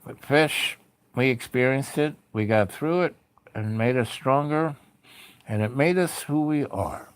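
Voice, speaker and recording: A man's voice: mid-range voice, a little slow, clean tone, dry recording. A man hosting a late-night spiritual livestream, talking in a loose, meandering, heartfelt way with many fillers. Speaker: livestream host. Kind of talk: rambling spiritual livestream talk.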